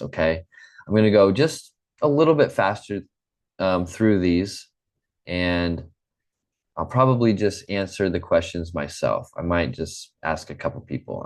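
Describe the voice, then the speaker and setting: An encouraging male teacher with a very low voice guides an online English class. He says each word slowly and distinctly so students can repeat it, and sounds like someone who drills vocabulary all the time.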